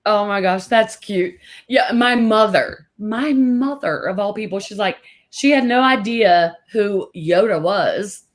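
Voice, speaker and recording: A woman's voice: medium pitch, unhurried, hardly any pauses. Chatty middle-aged woman hosting an interview. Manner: chatty storyteller, animated when quoting others. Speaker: host. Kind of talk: casual interview chat.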